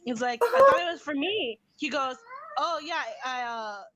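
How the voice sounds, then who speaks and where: A woman's voice: high voice, big pitch swings, normal speed, fairly bright tone, no room sound. A young adult woman hosting a casual live stream chat, talking in a rambling way with many restarts.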